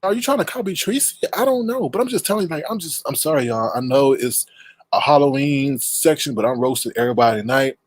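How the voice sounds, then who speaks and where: Husky guy going off in a roast on his live stream, insulting, repeating himself, dry close sound. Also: mid-range voice, animated, fast talker, dry recording. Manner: insulting, scolding, repetitive. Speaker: livestream host. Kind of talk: heated roast rant.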